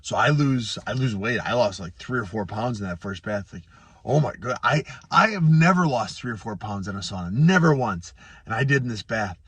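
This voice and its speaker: A former fighter telling a story in a casual, animated, self-deprecating way, getting louder and quieter as he goes. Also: lowish voice, normal speed, slightly rough, no room sound.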